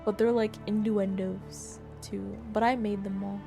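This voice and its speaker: A young woman streaming a game live, chatting with viewers in an excitable, playfully indignant way that jumps into squeals. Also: medium pitch, a little slow, vocal fry, music in the background.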